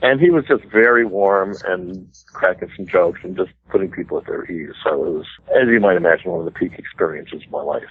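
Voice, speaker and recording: A man's voice: sits low, a little fast, few pauses, breathy edge, no echo. An American man in his sixties, a guest musician telling chatty, self-deprecating stories in an interview. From United States. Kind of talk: casual storytelling interview. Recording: tinny phone-line radio sound.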